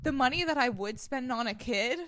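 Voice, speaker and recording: A young woman in her twenties with a bright, forceful voice and a fairly high pitch, co-hosting a casual chat podcast. She talks in a chatty, giggly way full of fillers and sounds sleep deprived. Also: animated, brisk. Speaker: podcast co-host.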